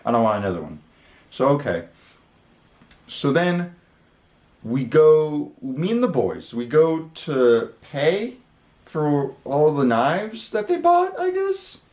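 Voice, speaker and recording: A man's voice: a little high, darkish tone, reverberant. A man hosting his channel, telling a story in a casual, rambling way, with lots of fillers and the odd swear word. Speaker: channel host. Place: his room.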